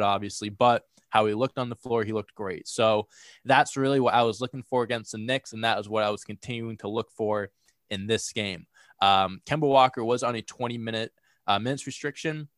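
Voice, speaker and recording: A man's voice: medium pitch, a little fast, fairly bright tone, no room sound, clean studio sound. A young man hosting a casual sports podcast, sounding a bit congested from a cold and talking energetically with lots of fillers and restarts. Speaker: podcast host.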